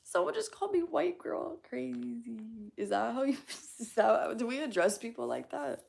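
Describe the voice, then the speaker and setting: A woman's voice: on the high side, sing-song, normal speed, gravelly, darkish tone, slightly rough. A woman live-streaming in casual chat, giggling often, reading chat aloud and swearing casually.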